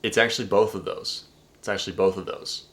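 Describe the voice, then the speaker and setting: A man with a fairly low voice walks viewers through text conversations as a dating coach. He talks emphatically, drops profanity freely, and keeps turning to the audience with questions. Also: steady tone, brisk, a bit bright. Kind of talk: casual video breakdown of text messages.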